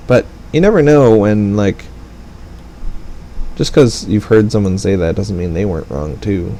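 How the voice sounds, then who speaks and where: A man's voice: lowish voice, unhurried, dark tone, a little hiss or hum, low-quality recording. A man giving casual, rambling commentary over a strategy game, with wry asides. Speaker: gaming let's play commentator.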